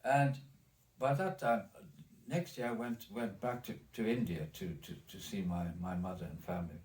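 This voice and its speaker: A man's voice: on the low side, moderate pace, a little mellow, recorded from a distance. A man in his eighties with a German accent, recalling his life in a recorded oral history interview, rambling with many restarts and repeated words. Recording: echoey room, off mic.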